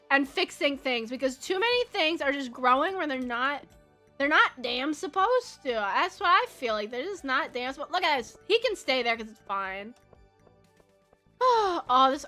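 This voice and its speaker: A young woman chats with her stream audience in a high, very lively voice, bright and forward in tone. She giggles often and talks with her mouth full now and then. Soft game music plays faintly underneath. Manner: giggly, chatty, talks while eating. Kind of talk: casual chat while playing.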